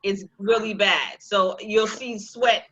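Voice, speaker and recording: A woman teaching a real estate investing class, talking in a lively, joking, sales-pitch way. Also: slow, breathy edge, poor audio. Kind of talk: live online class presentation.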